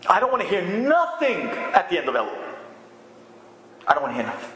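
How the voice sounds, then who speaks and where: A man playing his own stern but soft-hearted middle-aged father, scolding with gruff bursts. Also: sits high, huge pitch swings, a little fast, heavily acted. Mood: gruff relenting. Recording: echoey room with faint ambient noise.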